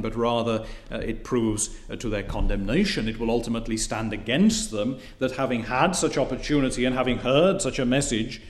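At a medium pitch, a man delivers a sermon with a measured, repetitive cadence that gathers emphasis, and a few hesitant fillers creep in.

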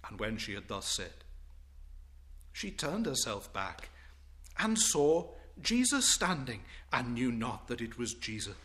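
A male preacher delivering a sermon, swinging from loud declaiming to hushed reverence. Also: mid-range voice, very animated, slow.

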